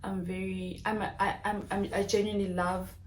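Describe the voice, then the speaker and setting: A woman's voice: medium pitch, level tone, normal speed. A woman in her thirties, vlogging in earnest and restless fashion, often restarting her sentences as she searches for words. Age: 30s. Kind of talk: casual direct-to-camera vlog. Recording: echoey room with faint background noise.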